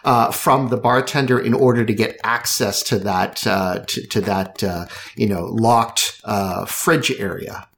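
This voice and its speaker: A man's voice: lowish voice, unhurried, hardly any pauses, fairly bright tone. A man narrating as game master, rambling with many fillers.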